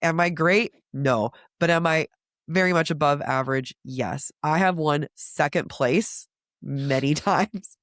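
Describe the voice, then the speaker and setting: A woman co-hosting a book podcast in casual chat, slightly raspy and stuffed up from a cold, playful and quick to laugh. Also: low-pitched, dry recording, studio quality. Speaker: podcast co-host.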